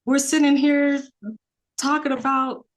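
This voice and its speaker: A woman's voice: high voice, flat delivery, unhurried. A woman, a podcast guest talking earnestly in a rambling casual way, with many fillers.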